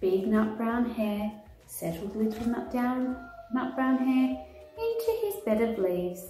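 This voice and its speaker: A woman childcare educator, reading a picture book aloud to children and pointing out the pictures with an expressive voice. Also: on the high side, slow pace. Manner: warm, expressive, leading children through pictures. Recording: echoey room, faint music.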